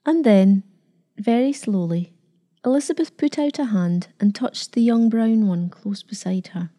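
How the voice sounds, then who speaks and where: Mellow-voiced woman narrating a story. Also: medium pitch. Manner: measured, dramatic storytelling. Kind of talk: scripted narration.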